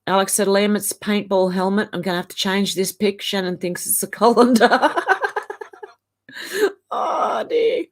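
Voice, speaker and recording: A woman's voice: medium pitch, steady tone, moderate pace, hardly any pauses. An Australian woman in her fifties, hosting a casual live stream and chatting as she reads viewer comments aloud.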